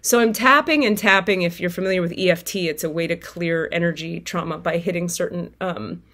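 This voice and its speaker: A woman telling viewers a personal story in a casual, animated way, swearing freely and acting out her own outbursts. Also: on the low side, a little fast. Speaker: tarot reader and spiritual vlogger.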